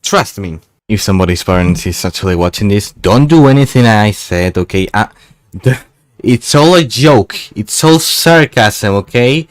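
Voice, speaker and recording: A man giving casual, sarcastic voice-over commentary over gameplay, rambling and ending many sentences with a quick "okay?". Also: on the low side, lively intonation. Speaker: gaming YouTuber.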